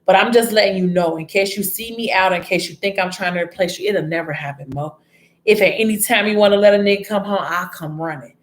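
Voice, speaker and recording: A woman's voice: medium pitch, quick pace, echoey room, lightly acted. Woman doing a heartbroken young man pleading.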